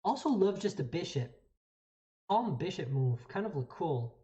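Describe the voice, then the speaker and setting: A woman's voice: fairly low pitch, sing-song, normal speed, dark tone, dull audio. A woman streaming a chess game, explaining each move as she plays, often restarting and thinking aloud. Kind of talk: live commentary while playing.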